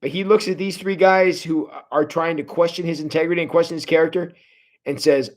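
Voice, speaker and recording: Steady in tone and brisk, a pastor with a slightly high voice leads a Bible study on livestream. He chats conversationally with viewers, talking to them directly, and often repeats words as he restarts.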